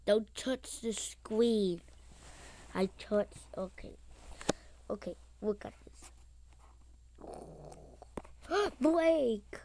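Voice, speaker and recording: A woman with a high voice talks through a mobile game. She is excitable and sing-song, breaking into yelps, yet her delivery stays slow and drawn out. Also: slight background noise. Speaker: gamer.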